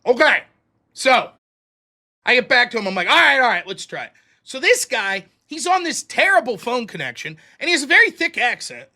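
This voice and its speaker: Male host, high and very lively voice, self-mocking storyteller who acts out dialogue. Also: fairly quick. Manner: animated, acts out both sides of dialogue. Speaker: livestream show host. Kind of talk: casual storytelling.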